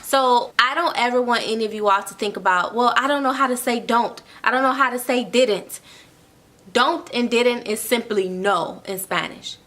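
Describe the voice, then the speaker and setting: A woman's voice: fairly high pitch, normal speed, a bit bright. A woman tutoring an online language lesson. She explains step by step, repeats each phrase and keeps checking in with "okay?". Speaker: Spanish tutor.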